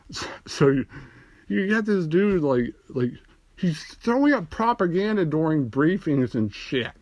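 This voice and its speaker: A man's voice: a little high, very animated, unhurried, dry recording. A young man doing a rambling, profane stand-up comedy monologue and laughing at his own jokes, recorded on a phone. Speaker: amateur comedian.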